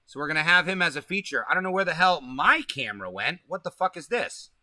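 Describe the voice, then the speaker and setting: A man's voice: a little high, big pitch swings, fast talker, sharp tone, no echo. A man hosting a casual livestream, talking loosely with slang and swearing and stretching out words for emphasis. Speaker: host.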